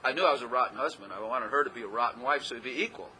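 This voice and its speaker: A man's voice: mid-range voice, racing, pushed and bright, a little hiss or hum, low-quality recording. A man preaching a casual, rambling sermon as pastor, often laughing at himself as he talks.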